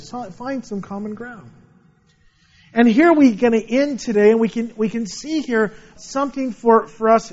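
A man's voice: high-pitched, darkish tone, muffled recording. A man preaching a sermon, earnestly reading scripture aloud and explaining it. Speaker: pastor.

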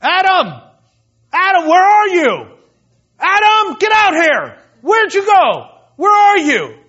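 A man voicing an angry, stomping father God who shouts for his child, in a dull lo-fi recording. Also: very high voice, huge pitch swings, slow pace, voice pushed up, full character voice. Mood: angry shouting. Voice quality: loud, shouting.

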